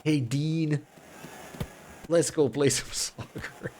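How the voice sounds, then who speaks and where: A man's voice: a little high, fairly even intonation, takes it slowly, a little mellow, a little hiss or hum, voice pushed up. A man voicing a goofy young American bro with an exaggerated, drawling voice, calling his buddies over to play.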